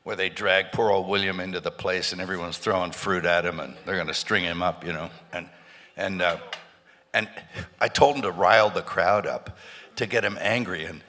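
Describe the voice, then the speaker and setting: Low, bright-voiced man telling stories on stage. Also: steady tone, moderate pace. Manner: rambling storytelling with restarts and laughter. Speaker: interview guest. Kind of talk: live on-stage anecdotes. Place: large hall with a live audience. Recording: stage hall with reverb, faint noise.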